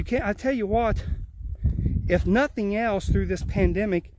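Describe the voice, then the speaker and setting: A man's voice: high voice, a little slow, darkish tone. A man giving a devotional message as a pastor while walking uphill outdoors, slightly out of breath, with an earnest, repetitive preaching rhythm. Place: outdoors on a rural hill.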